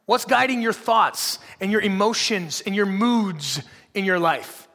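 A man preaching a sermon as pastor, firing off repeated rhetorical questions that build to loud, emphatic peaks. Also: high-pitched, lively intonation, measured pace, in a large hall.

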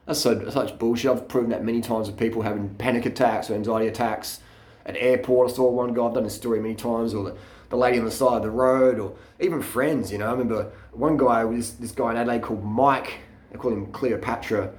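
A man talks straight into his camera in a blunt, profane rant. His voice sits in the middle range and carries an echo from the room. He gets animated and laughs at his own stories. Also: mid-range voice, quick pace. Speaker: vlogger. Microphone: camera mic.

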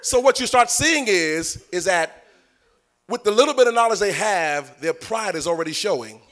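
A male preacher delivering a sermon in a sing-song cadence, swelling into shouts and addressing the congregation directly. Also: high voice, animated, normal speed.

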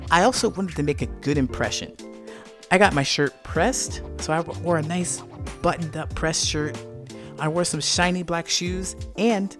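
A man giving a talk, weaving in a personal story and acting out a heated argument. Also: on the high side. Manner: animated, acts out heated arguments.

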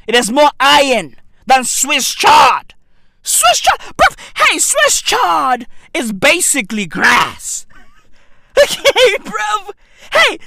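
A man doing a profane comedic rant in a mock-outraged tone, shouting at times. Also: no room sound. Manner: animated, swearing, exaggerated mock outrage, repeats "bruv"; breaks into shouts and squeaky high-pitched bursts.

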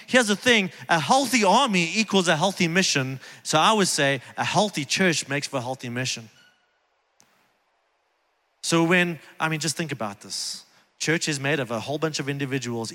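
A man delivers a sermon in a fairly high, bright and forceful voice, earnest and conversational, repeating key phrases for emphasis. His words ring out with the long reverb of a large church hall. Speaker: preacher. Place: church sanctuary, on stage.

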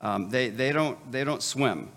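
A man's voice: mid-range voice, animated, unhurried, fairly bright tone, long reverb tail. A middle-aged male pastor giving a conversational sermon, with frequent stammered restarts and chuckles at his own stories.

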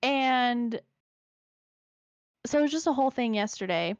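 A young woman in casual chat, telling an animated story full of "like" fillers. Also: on the high side, a little slow, clean tone, dry recording. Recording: slightly dull lo-fi dry sound.

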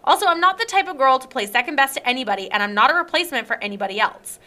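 A woman's voice: high-pitched, lively intonation, rapid-fire, bright, forceful tone. A young woman hosting a casual chat, telling an indignant story and acting out text messages.

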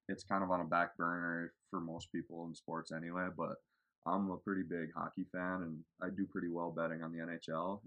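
A man's voice: low-pitched, fairly bright tone. A man hosting a casual sports podcast, talking in a laid-back, rambling way with plenty of fillers. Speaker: podcast host.

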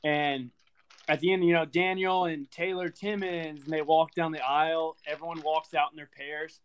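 A man's voice: fairly high pitch, little pitch movement, normal speed. A man on a podcast telling a funny story in a casual, laughing way. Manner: laughing storyteller, says dude a lot. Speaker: podcast co-host. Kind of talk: casual chat.

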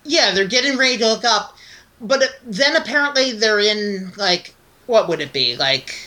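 Bright-voiced woman, wry podcast chat. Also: medium pitch, animated, normal speed. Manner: wry, skeptical commentary. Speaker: podcast co-host. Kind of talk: casual chat reviewing anime.

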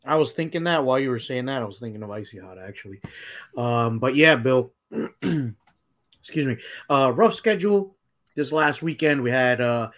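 A man's voice: medium pitch, animated, normal speed, fairly bright tone. A young man from New Jersey co-hosting a casual chat show, easygoing and chatty. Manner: easygoing, chatty, says dude. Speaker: co-host.

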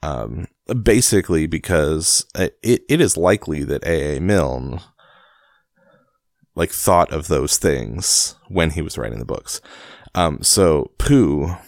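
Deep gravelly man reading late at night. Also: animated, slow pace, no room sound, clean studio sound. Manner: rambling, self-deprecating, laughs often. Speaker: podcast host reading a book. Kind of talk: casual storybook reading and chat. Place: home basement at night.

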